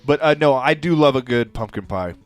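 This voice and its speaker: A man's voice: medium pitch, expressive, brisk, smooth, soft background music. Rambling man in his thirties. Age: 30s. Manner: rambling, self-interrupting, jokey. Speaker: podcast host. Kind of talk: casual chat.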